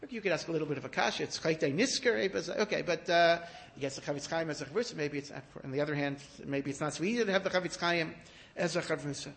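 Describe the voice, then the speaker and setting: High-voiced man telling sermon stories. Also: quick pace, creaky, hardly any pauses. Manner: animated storyteller, rising to emphatic peaks. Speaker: rabbi giving a talk. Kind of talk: storytelling sermon.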